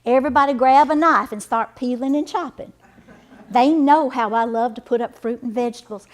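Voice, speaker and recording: A woman's voice: high voice, brisk, close to an everyday voice. A woman playing a gossipy 1880s wife. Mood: chatty. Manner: gossipy, laughing, folksy. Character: chatty 1880s river-town wife and mother. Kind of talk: period character monologue.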